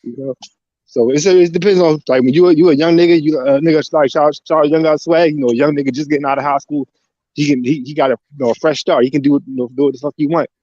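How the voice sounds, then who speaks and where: A man's voice: a little high, fairly even intonation, fast talker, mellow, no room sound, lo-fi sound. A man in casual podcast chat, talking loose and slangy with lots of profanity.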